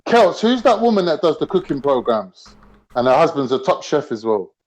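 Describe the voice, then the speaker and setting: A man's voice: fairly high pitch, very animated, normal speed. Chatty man asking panel questions. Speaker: panelist on a live stream. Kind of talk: casual panel chat.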